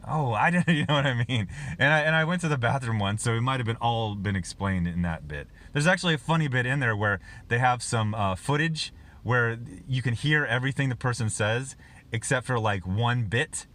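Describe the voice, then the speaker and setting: A man's voice: mid-range voice, lively intonation, fairly quick, fairly bright tone. A man casually reviewing a film on his own channel, rambling with lots of fillers and restarts and chuckling as he talks.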